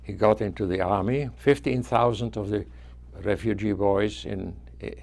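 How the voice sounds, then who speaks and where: A man in his nineties with a foreign accent whose first language is not English, telling students about his life in a halting way, with frequent restarts. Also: lowish voice, steady tone, vocal fry, darkish tone. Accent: foreign accent, origin not named. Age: 90s. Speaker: guest speaker.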